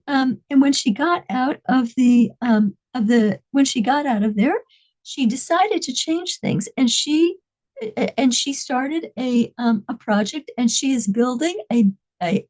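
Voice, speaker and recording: A woman with a notably high voice tells a story in a casual talk. She stops and restarts often, repeating words as she feels her way forward. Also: lively intonation, a little mellow, low-quality recording. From United States, New York and Massachusetts. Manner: halting, with frequent repeats and restarts. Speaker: religious speaker.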